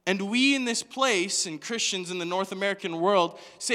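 Male preacher, high bright voice, animated sermon delivery, reverberant hall. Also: moderate pace, hardly any pauses. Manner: animated, questioning the congregation, acting out voices. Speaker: pastor. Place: church hall.

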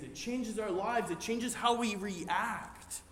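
A man preaching a sermon as a pastor, earnest and growing excited as he goes through scripture. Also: sits high, slow, few pauses. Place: church sanctuary. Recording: roomy hall reverb, faint ambience.

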